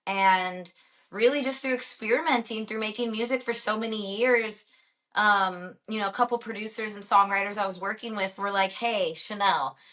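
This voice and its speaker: A woman's voice: medium pitch, fairly even intonation, moderate pace, a bit bright. A woman from Los Angeles with a slight country twang, chatting as a guest in an upbeat way and laughing easily. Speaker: guest, singer. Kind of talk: casual interview chat.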